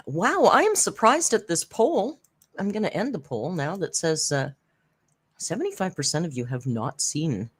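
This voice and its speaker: A woman from Canada hosting a casual live stream from home, chatty and laughing often as she tells stories with dark humor. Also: deep voice, breathy edge. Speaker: YouTube commentary host. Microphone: headphones with desk mic.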